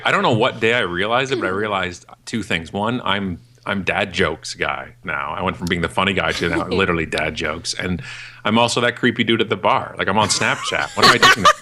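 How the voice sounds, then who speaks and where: A man in his forties, a podcast guest and keynote speaker, talking in a ranting, jokey way and acting out other people in a high voice. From Canada. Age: 40s. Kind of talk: animated podcast interview.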